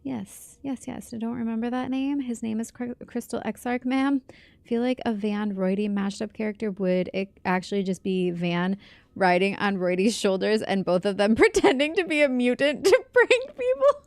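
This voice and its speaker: A woman's voice: a little high, moderate pace, vocal fry, no echo. A young woman streamer chatting casually and giggling as she plays a game and reacts to chat. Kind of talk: casual livestream chat while gaming.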